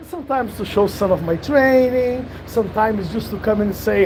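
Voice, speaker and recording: Brazilian-accented woman vlogger, frank and earnest, fairly high voice, noisy street behind. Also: animated, normal speed, dark tone. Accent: Brazilian Portuguese. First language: Portuguese. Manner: earnest and frank, a bit defiant. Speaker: vlogger talking to followers. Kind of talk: casual direct-to-camera talk.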